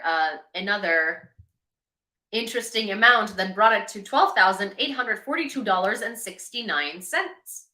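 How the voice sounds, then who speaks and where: A woman hosts a livestream news commentary in a chatty, sarcastic manner. Her voice is bright and carries in an echoey room. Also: mid-range voice. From Ukraine. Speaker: host.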